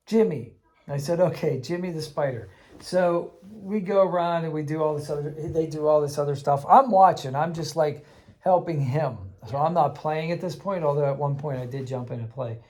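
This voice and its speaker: A man casually recounting a tabletop game he ran for kids, animated and laughing, acting out the voices he quotes. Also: a little high. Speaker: game master teaching kids. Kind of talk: casual anecdote storytelling.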